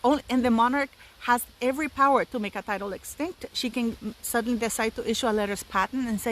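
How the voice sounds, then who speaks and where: A woman's voice: a little high, quick pace, hardly any pauses, fairly bright tone, low-quality recording. Emphatic, indignant woman in her 50s. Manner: emphatic, indignant, repeats words for stress. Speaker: commentary channel host. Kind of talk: opinionated solo commentary.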